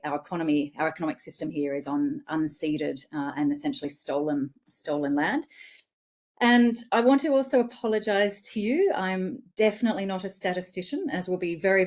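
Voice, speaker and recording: A woman's voice: fairly low pitch, darkish tone. Australian woman giving an online talk. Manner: friendly, apologetic, thinking aloud with restarts. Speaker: seminar speaker. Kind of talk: online seminar presentation. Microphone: video call.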